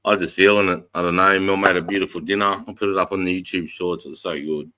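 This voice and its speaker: A man's voice: deep voice, fairly even intonation, fast, bright, forceful tone. A middle-aged Australian man hosting a casual livestream, greeting viewers in a laid-back, sweary way. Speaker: livestream host.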